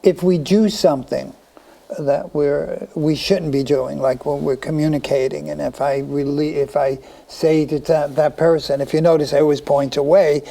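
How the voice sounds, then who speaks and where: A man appearing as a psychic guest on a studio talk show, speaking in a halting way with many ums and restarts. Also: on the high side, steady tone, creaky, mellow, poor audio. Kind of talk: interview conversation.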